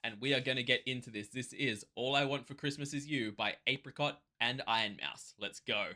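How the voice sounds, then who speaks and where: A man from Australia hosting a music reaction channel, talking in an excitable, rambling way with quick restarts. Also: medium pitch. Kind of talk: casual reaction commentary.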